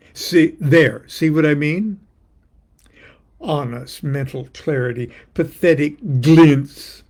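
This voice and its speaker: An older man, an occult author, reading a poem and then talking in a wry, theatrical monologue with a gravelly, husky voice. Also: fairly high pitch, darkish tone.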